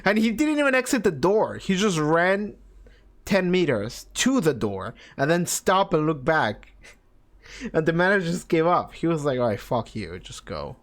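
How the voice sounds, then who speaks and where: Giggly game streamer, lively pitch. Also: male voice, normal speed. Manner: giggly, reads game text aloud. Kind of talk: casual let's-play commentary.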